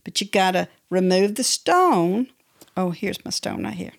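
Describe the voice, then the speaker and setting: A woman's voice: medium pitch, sing-song, measured pace, vocal fry. A woman hosting a faith-based teaching podcast, speaking emphatically and repeating her key phrases. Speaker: podcast host and Christian speaker.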